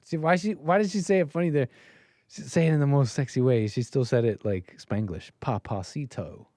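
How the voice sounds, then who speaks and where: A man's voice: mid-range voice, brisk, dark tone, no room sound, studio quality. A man hosting a live stream, reacting to a video clip in casual, sarcastic and rambling commentary that often repeats itself.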